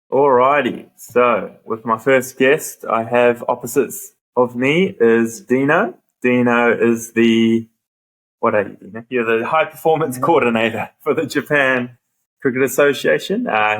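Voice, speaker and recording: A man with a New Zealand accent hosts a casual podcast from a classroom, chatty and a little self-deprecating. His voice sits fairly low, and the low-quality mic gives the sound a plain, unpolished feel. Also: a bit bright. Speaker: podcast host. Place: classroom at a cricket ground.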